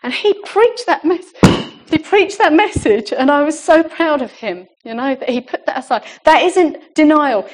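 A woman delivers a sermon with a high voice. She speaks earnestly and emphatically, breaking into laughs and asides between her points. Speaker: preacher.

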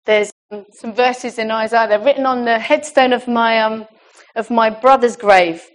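A woman's voice: fairly high pitch, fairly even intonation, normal speed. A woman preaching a sermon in an earnest, emphatic way, with laughs and asides.

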